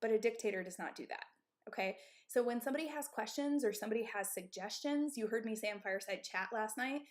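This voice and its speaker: A woman's voice: fairly high pitch, fast talker. A woman in her thirties who owns and coaches at a gym, giving candid, emphatic advice on a live stream. She often checks in with "okay?" and "right?". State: out of breath.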